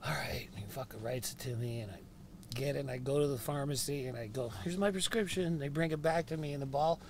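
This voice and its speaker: A man telling a rowdy, profane story as a podcast guest in a van, loud and laughing as he goes. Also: medium pitch, quick pace, slight background noise. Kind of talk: storytelling anecdote. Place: inside a van.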